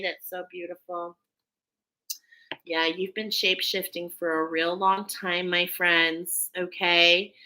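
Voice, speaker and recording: A woman's voice: mid-range voice, bright, forceful tone, low-quality recording. A woman in her thirties hosting a spiritual oracle reading, speaking in an affirming, casual way and often checking in with "okay?". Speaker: spiritual channel host, oracle reader. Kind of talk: casual spiritual guidance talk.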